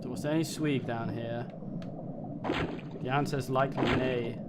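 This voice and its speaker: A man's voice: medium pitch, steady tone, moderate pace, heavy background noise. A man streaming a video game, rambling and joking with lots of swearing as he plays. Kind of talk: casual gameplay commentary.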